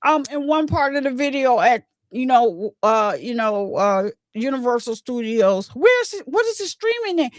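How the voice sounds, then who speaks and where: A woman's voice: high voice, no room sound. A woman hosting a casual commentary livestream, chatting along and bleeping her own swear words.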